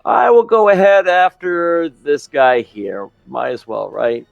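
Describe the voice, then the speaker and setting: A man's voice: on the high side, takes it slowly, vocal fry, dry recording, dull audio, soft background music. A man playing a tabletop game in a laid-back, shrugging way. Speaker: player. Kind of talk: casual tabletop play.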